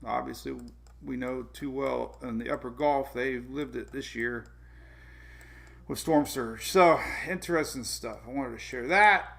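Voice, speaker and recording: Gravelly rambling weather-show host, a man. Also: medium pitch, unhurried, fairly bright tone. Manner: rambling, self-correcting, chuckles often, reads viewer comments. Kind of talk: casual livestream chat.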